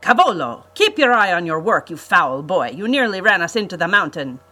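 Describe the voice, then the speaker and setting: A woman's voice: fairly low pitch, sing-song, a little slow, pushed and bright, exaggerated voice. A woman voicing a villainous male count who gleefully lords it over his captives, sing-song and menacing. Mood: barking scold.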